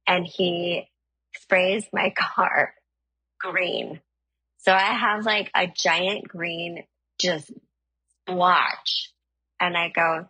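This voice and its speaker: A woman telling a comic story on a podcast, animated and swearing as she acts out the dialogue. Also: lowish voice, very slow, pauses often, breathy edge, no echo, poor audio. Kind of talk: comedic storytelling.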